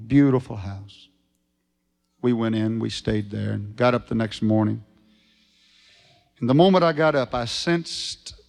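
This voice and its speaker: A man preaching a revival sermon, folksy and storytelling, rising to shouted fervor. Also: mid-range voice, gravelly. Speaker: evangelist preacher.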